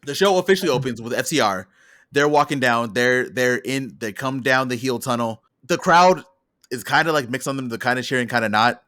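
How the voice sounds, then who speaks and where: A man's voice: mid-range voice, fairly quick, bright, forceful tone. A man co-hosting a podcast, casually recapping a wrestling show in rambling detail. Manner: rambling storyteller, acts out quotes from the show. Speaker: podcast co-host.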